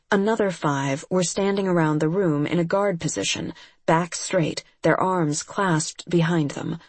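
Audiobook narrator, measured first-person reading, husky, dry recording. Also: mid-range voice, no room sound. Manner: measured storytelling.

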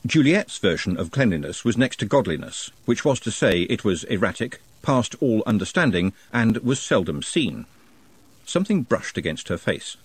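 Wry, lively male audiobook narrator. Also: on the low side, normal speed, slightly rough. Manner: expressive, wry. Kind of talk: scripted narration.

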